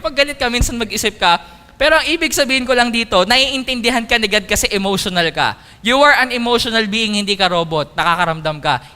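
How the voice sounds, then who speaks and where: Animated Filipino preacher in a reverberant hall. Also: male voice, high voice, clean tone. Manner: switches between Tagalog and English, animated, emphatic. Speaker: pastor. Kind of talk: sermon.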